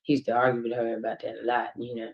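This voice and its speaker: A woman's voice: rumbling low, monotone, quick pace, highs cut off. A woman with a Midwestern US accent, speaking as a witness in a recorded police interview, hesitant and rambling, with many "you know"s.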